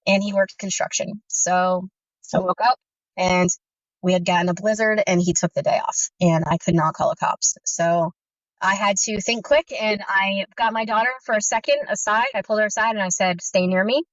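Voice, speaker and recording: A woman's voice: medium pitch, steady tone, normal speed, no echo. A woman in her thirties telling her own story in an earnest, intense first-person account of fear, remembered in vivid detail. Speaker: guest sharing her story. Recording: dull, dry lo-fi audio.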